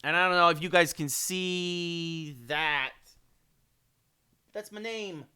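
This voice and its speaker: A man's voice: on the high side, slow, clear, resonant tone. A man chatting with his livestream viewers while calling hockey play-by-play in a video game. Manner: chatty, switching to excited hockey play-by-play calls. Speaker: streamer. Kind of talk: livestream gaming chat with play-by-play.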